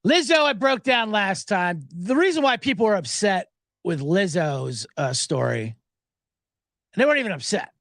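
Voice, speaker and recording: A man's voice: high voice, sing-song, normal speed, a bit bright, dry recording, studio quality. A man hosting a sports betting podcast, riffing sarcastically and profanely while reading viewer comments aloud.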